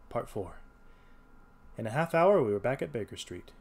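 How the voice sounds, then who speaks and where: A man reading a classic detective story aloud to listeners. His narration sits in a middle pitch with a lively, moving melody. He keeps a quiet, steady storytelling tone between the dialogue. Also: normal speed, long pauses, slight background noise. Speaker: reader.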